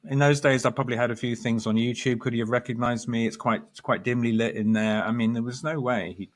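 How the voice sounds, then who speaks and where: A man, a guest astrologer, telling a story in lively conversation, acting out quoted lines and restarting his sentences. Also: mid-range voice, fast talker. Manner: animated storyteller, quotes others, restarts often.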